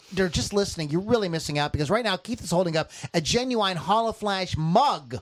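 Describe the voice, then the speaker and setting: High-voiced rambling podcast host man. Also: fairly bright tone. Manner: rambling and jokey, often laughing at himself. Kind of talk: casual podcast chat.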